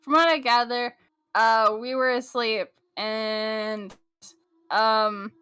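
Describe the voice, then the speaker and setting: Bright-voiced streamer woman, valley girl drawl. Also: a little high, fairly even intonation, takes it slowly, smooth. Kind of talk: casual gaming chat.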